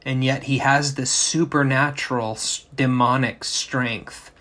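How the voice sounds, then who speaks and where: Pastor guy going through scripture real slow, checks in with the crowd, right?. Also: mid-range voice, steady tone, bright, forceful tone. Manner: slow, explanatory, asks rhetorical questions. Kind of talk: sermon.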